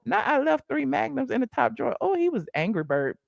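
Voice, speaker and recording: A woman's voice: high-pitched, big pitch swings, brisk, creaky, few pauses, dry recording. Chatty woman gossip host, dry sound. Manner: chatty, exclamatory, with sudden asides. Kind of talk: casual livestream gossip commentary.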